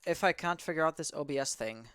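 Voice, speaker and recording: Casting an amateur esports match, a man with a slightly high, a bit bright voice talks fast with a clean tone. His casual game commentary is chatty and rambling, full of mid-sentence self-corrections.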